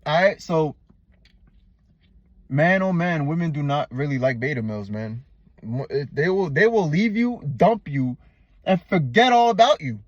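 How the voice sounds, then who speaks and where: Blunt, profane, higher-voiced male vlogger. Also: expressive, measured pace, no room sound, muffled recording. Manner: blunt, profane, slangy, addresses viewer as "man" and "bro". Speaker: relationship advice vlogger. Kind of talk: unscripted advice monologue.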